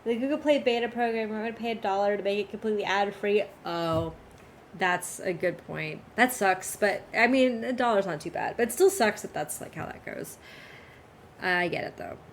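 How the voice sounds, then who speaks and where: A woman's voice: medium pitch, slight background noise. A young woman casually chatting and giggling as she streams a game from her phone. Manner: giggly, unhurried, chatty asides.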